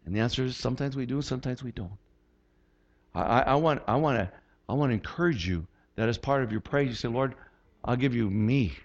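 Animated conversational male pastor, slightly muffled. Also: mid-range voice, fast. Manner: animated, conversational, repeats words when starting. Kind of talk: sermon.

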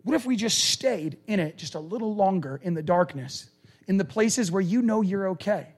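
A male preacher giving a conversational, animated sermon and acting out quoted lines. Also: high-pitched, normal speed.

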